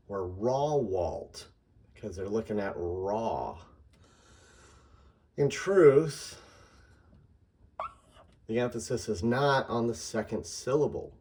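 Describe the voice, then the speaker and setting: A man patiently explaining a method in an instructional lesson, slowing down to sound out example words. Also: medium pitch, animated, mellow. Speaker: teacher.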